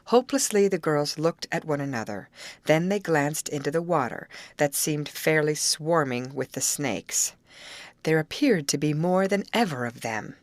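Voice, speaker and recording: Animated low-voiced woman reading a story. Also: no room sound. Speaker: audiobook reader. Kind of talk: scripted narration.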